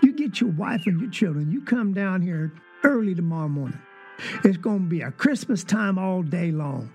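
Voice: mid-range voice, expressive, moderate pace, darkish tone, faint music behind, lightly acted. A performer voicing a hearty Southern farmer dad. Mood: jovial. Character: jovial poor Southern farmer father.

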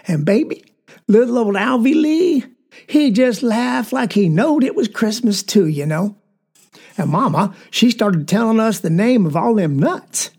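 A woman's voice: mid-range voice, creaky, a little mellow, breathy edge. A woman with a Southern accent performing a dramatic monologue as a child, telling a tale in a folksy drawl. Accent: Southern American. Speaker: storyteller.

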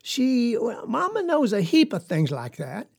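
A woman's voice: a little high, wildly swooping pitch, unhurried, vocal fry, darkish tone, slightly rough, heavily acted. A woman with a Southern US accent playing a young farm girl who tells a story in a rambling, folksy, confiding way. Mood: earnest. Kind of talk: dramatic monologue.

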